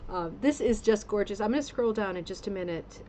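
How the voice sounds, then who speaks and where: Woman hosting a crafty livestream, super gushy and rambly, mid pitch, home studio. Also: animated, brisk, warm tone, a little hiss or hum, rough recording. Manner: gushing, effusive praise, rambling with fillers. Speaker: host of a rug hooking club livestream. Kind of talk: casual livestream show-and-tell. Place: home studio with green screen.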